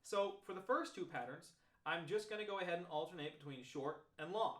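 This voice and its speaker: A man teaches trombone practice, demonstrating techniques in a relaxed, explanatory manner and working through examples step by step. His voice sits high and he talks a little fast. The room gives off a roomy echo.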